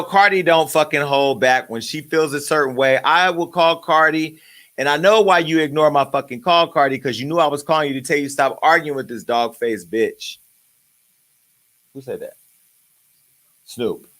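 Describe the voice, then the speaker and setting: A man's voice: a little high, expressive, normal speed, sharp tone. A man hosting a celebrity gossip show, ranting crudely and brashly with a stream of insults. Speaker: host. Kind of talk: profane comedic celebrity gossip.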